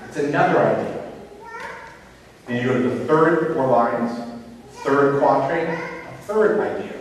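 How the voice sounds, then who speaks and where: Man teacher, mid pitch, heard from a distance in a roomy hall; explains patiently, checks in with the audience. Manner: explains step by step, quizzing the audience. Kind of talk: classroom-style lecture to parents. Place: school room or hall. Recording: echoey hall, distant mic, faint hiss.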